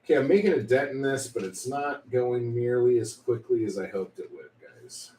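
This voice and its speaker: A man's voice: medium pitch, animated, normal speed, warm tone, slightly rough. A young man chatting casually with his stream viewers, rambling and swearing, full of fillers like "like". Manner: rambling, profane, lots of "like".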